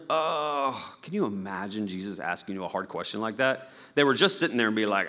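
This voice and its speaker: Bright-voiced pastor preaching in an echoing hall. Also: male voice, on the low side, moderate pace, few pauses. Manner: animated storytelling with playful acted-out voices. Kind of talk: sermon.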